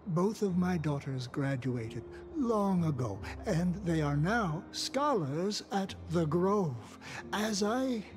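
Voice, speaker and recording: An actor playing an aging, doting father with a gentle old-man manner in game dialogue, clear game music underneath. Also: high voice, lively intonation, takes it slowly. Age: older.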